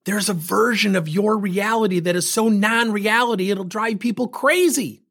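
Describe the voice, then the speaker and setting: A man in his fifties and a coach, giving an emphatic motivational talk full of animated storytelling. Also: sits high, moderate pace, gravelly. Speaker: speaker and coach.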